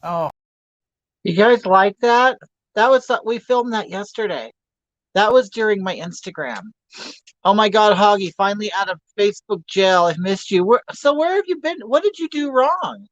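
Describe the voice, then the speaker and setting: A man in his fifties hosts a livestream, campy and gossipy, greeting viewers, reading their comments and cracking crude jokes. His voice is high and his speed normal; the recording is muffled but has no echo.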